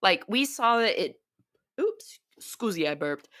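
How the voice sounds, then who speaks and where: A woman's voice: medium pitch, a little slow. A woman co-hosting a film review podcast, chatting casually, laughing and acting out quotes. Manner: animated, laughs often, acts out quotes. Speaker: podcast co-host.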